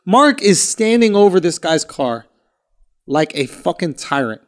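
A man co-hosting a comedy podcast, telling a story in a loud, teasing way, swearing as he goes. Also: sits high, sing-song, a little slow. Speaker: podcast co-host. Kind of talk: casual comedy chat.

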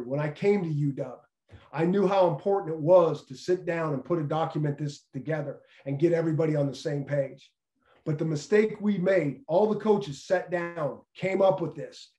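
A middle-aged former football coach with a voice on the high side and a darkish tone gives an earnest motivational talk on leadership in an echoey room. He repeats key phrases for emphasis.

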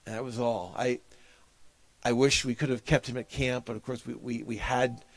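Man preaching, earnest and heartfelt, telling a story from the pulpit, mid pitch voice, dry recording. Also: flat delivery, normal speed, no echo. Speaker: pastor. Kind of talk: sermon with a personal story.

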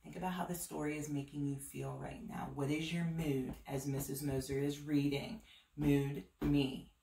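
A woman teacher reading a picture book aloud to her students, gentle and encouraging. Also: deep voice, flat delivery, normal speed, creaky. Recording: roomy, voice from a distance.

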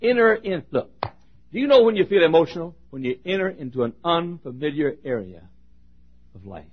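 A man preaching a sermon as a pastor, impassioned, joking now and then, dropping from shouts to near whispers. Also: fairly high pitch, sing-song, fairly quick, breathy edge, phone-quality sound. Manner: joking asides.

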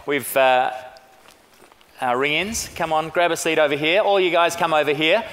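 A man presenting a quiz on stage, relaxed and chatty with fillers. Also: on the high side, moderate pace, big-room sound. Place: large conference hall.

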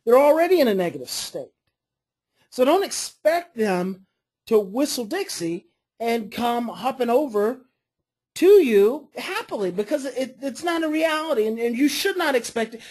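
Woman parenting coach, husky, fairly high voice, earnest and explanatory. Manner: earnest, explanatory, models calm phrases for parents. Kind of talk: teaching a parenting class.

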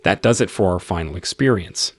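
Guy narrating a story, dry close sound, lively up and down delivery. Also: low-pitched, brisk, no room sound. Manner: expressive storytelling reading. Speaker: channel host and narrator. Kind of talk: narrating a first-person story.

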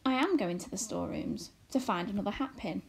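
A woman's voice: mid-range voice, lively intonation, a little fast, vocal fry, a little hiss or hum. A woman reading aloud and voicing a restless young borrower girl who speaks in an earnest, pleading way.

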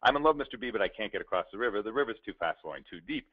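A man softly voicing a pleading lovesick young woman. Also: fairly low pitch, animated, racing, husky. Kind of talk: storytelling voices in a talk. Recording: tinny narrow-band recording.

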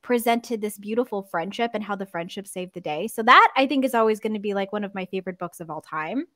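A woman chatting casually in a book club discussion, enthusiastic and quick to laugh. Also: mid-range voice, animated, bright, forceful tone, no room sound, studio quality. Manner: enthusiastic and giggly.

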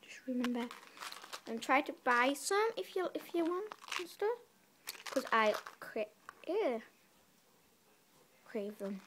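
A woman's voice: high-pitched, sing-song, slow pace, long pauses, background noise. Rambling chatty girl vlogging. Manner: rambling, self-correcting and chatty. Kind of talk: casual vlog chat. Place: bedroom.

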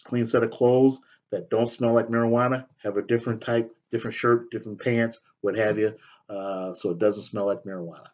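A man's voice: fairly low pitch, highs cut off. A man who works as a staffing recruiter, giving blunt career advice in a casual talk to camera, often checking in with "okay?" and "right?". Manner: direct, repetitive, punctuates with "okay?" and "right?".

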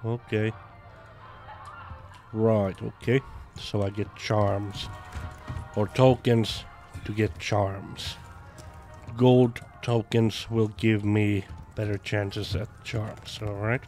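A man giving casual let's-play commentary, calling out targets loudly and excitedly as he shoots. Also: on the low side, slow. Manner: loud excited callouts while shooting. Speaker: gameplay commentator. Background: game music.

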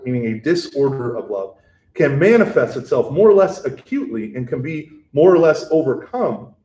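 A man teaching a Catholic catechism lesson, animated and conversational, often checking in with "right?" and acting out the voices in scripture stories. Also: mid-range voice, echoey room.

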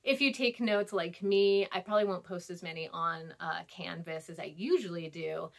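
A woman's voice: lowish voice, moderate pace, creaky. A woman in her thirties giving a recorded class lecture, chatty and rambling, with fillers, laughs and quoted voices. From California, US. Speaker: instructor.

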